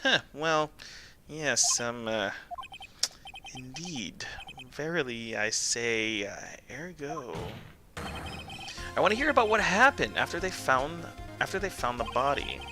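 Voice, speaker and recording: A man's voice: mid-range voice, big pitch swings, slow, music in the background. Man reading a stiff, pompous prosecutor. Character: proud, stiff male prosecutor.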